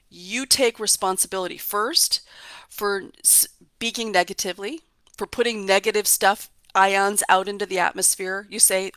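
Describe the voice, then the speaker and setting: A woman's voice: medium pitch, moderate pace, sharp tone, no echo. A woman hosting a motivational talk, coaching her listeners in an emphatic, repetitive way. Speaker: host.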